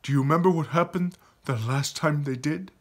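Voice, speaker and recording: A man's voice: a little high, a little fast, close to an everyday voice. A man voicing a proud, defiant young male prince of a forest tribe who pleads urgently with his father, in a storybook reading.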